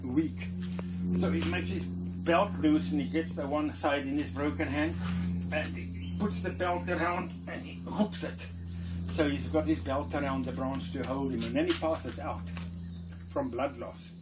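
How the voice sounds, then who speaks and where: A man who works as a tour guide telling a comic story, animated, dropping to hushed tones for suspense. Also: fairly high pitch, a little slow, loud music behind the voice.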